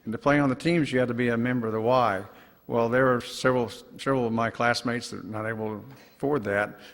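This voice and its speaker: A man from Oklahoma City giving a halting, heartfelt tribute speech about his father at an induction ceremony. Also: medium pitch, fairly even intonation, creaky, fairly bright tone. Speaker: son giving a family tribute. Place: ceremony hall. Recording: long reverb of a hall.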